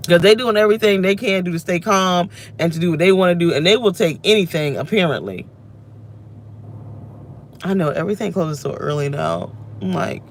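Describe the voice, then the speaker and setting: There's a little hiss or hum behind this lowish female voice. A vlogger in her thirties, she sits in a car and vents, delivering a rambling, self-reflective emotional rant to camera.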